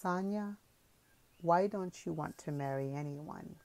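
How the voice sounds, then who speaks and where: A woman's voice: on the low side, unhurried, darkish tone. A woman voicing a sincere, firm young man.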